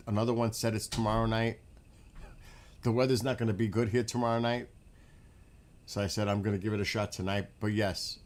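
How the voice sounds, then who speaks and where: Livestream host, New York accent, lowish voice, loose easygoing outdoor chat at night. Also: male voice. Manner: relaxed, rambling, chatty with viewers, often hushed. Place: outdoors at night in front of a rural house.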